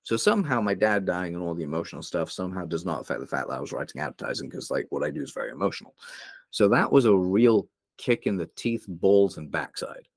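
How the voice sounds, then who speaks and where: Deep-voiced young man telling a raw story. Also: animated, fast, dry recording, studio quality. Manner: open, emotional, rambling with many fillers. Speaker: podcast guest, copywriter. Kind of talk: candid interview storytelling.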